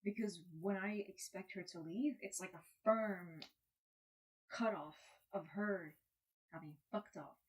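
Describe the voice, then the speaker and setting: A woman's voice: medium pitch, measured pace, rough recording. A young woman on a live stream, chatting candidly, rambling and swearing casually between sung lines. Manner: sings along softly, then chats candidly and rambles. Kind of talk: casual chat with singing along.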